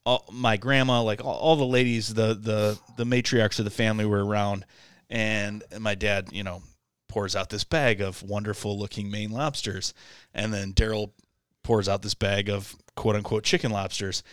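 Man, casual podcast storytelling, smooth clear voice, dry sound. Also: on the low side, no echo. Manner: animated, halting storyteller. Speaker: podcast co-host.

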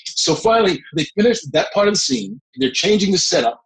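A middle-aged man, a guest actor, telling a long behind-the-scenes story in a lively way, often breaking into laughs. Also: high-pitched, a little fast, rough recording. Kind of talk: anecdotal storytelling.

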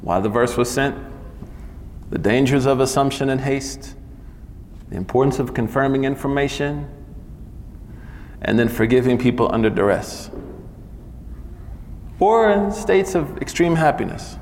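A man's voice: medium pitch, lively intonation, unhurried, pauses often, darkish tone, long reverb tail, slight background noise. A man giving an informal religious lesson in a casual, chatty way, often tacking "man" onto his sentences. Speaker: religious teacher.

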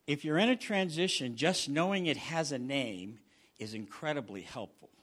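Lively male preacher swinging loud to hushed. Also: a little high, moderate pace. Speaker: pastor. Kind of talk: sermon.

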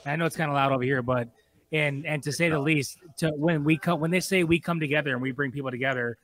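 A man with a high voice gives an emotional, heartfelt thank-you as a podcast guest. He sounds choked up and sincere, and people are heard around him. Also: steady tone, fast, a bit bright, rough recording. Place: loud gathering.

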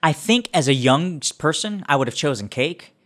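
A man's voice: fairly high pitch, normal speed. A man in casual chat among tabletop game friends, telling jokey stories and imitating people. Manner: jokey, animated storyteller who imitates people.

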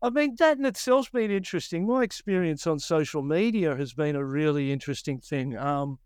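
A man's voice: fairly high pitch, expressive, a little fast, clean tone, no room sound, clean studio sound. A man in his fifties with an Australian accent, a surf commentator telling stories in a casual interview and acting out his own past thoughts.

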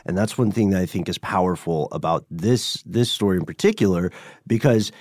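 A man's voice: low-pitched, fairly quick, a little mellow, dry recording, studio quality. A man co-hosting a podcast, chatting casually and filling in background for listeners. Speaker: podcast co-host. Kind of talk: casual chat.

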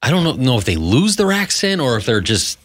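A man's voice: medium pitch, sing-song, fairly quick, a bit bright. A man co-hosting a podcast in casual chat, with a dry, joking manner. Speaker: podcast co-host.

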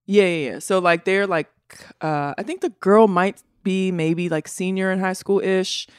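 A woman's voice: mid-range voice, unhurried, smooth, no echo. Chatty woman co-host, filler-heavy and giggly, dry close mic. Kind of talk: casual gossip chat.

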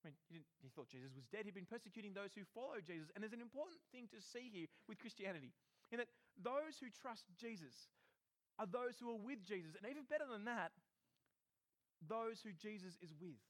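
A male preacher giving a sermon, animated and lively, often acting out quotes in different voices. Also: high voice, fairly quick.

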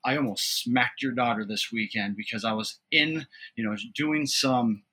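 A man in his thirties tells funny family stories as a podcast guest, animated and laughing as he goes. His voice has a bright, forward edge at an average pitch. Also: normal speed, husky. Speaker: guest, father and trainer. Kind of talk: casual storytelling.

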